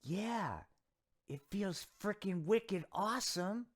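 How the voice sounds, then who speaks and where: A man's voice: high voice, expressive, slow, pitched above the performer's own voice, exaggerated voice. A man voicing a goofy, wholesome boy puppet who talks in folksy gee-golly exclamations in a comedy puppet sketch. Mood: chipper.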